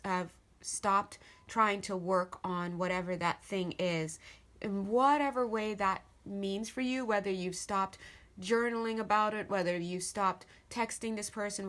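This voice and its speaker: A woman talking through a tarot reading in a loose, chatty way. She rambles into asides and laughs easily, her voice sitting at an ordinary middle pitch for a woman. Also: fairly bright tone. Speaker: tarot reader. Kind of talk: casual spoken tarot reading.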